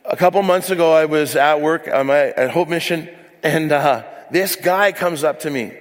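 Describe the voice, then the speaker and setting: A man's voice: fairly high pitch, moderate pace, in a large hall. A man preaching as a pastor, telling candid, self-deprecating stories with frequent asides. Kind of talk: sermon. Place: church hall.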